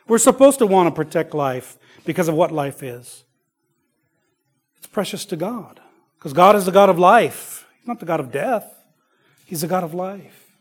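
A man preaching a sermon, shifting between loud exclamations and quiet asides, telling stories in a conversational way. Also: high voice, breathy edge. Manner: conversational storytelling with fillers.

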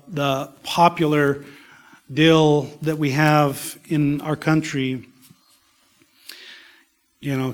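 A man preaching a sermon in a slow, emphatic way, dropping at times to a soft whisper. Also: on the high side. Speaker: pastor.

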